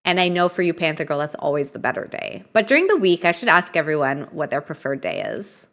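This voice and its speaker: Woman streamer, chatty live game commentary, reads options aloud, tired, bright sharp tone. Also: sits low, very animated, brisk.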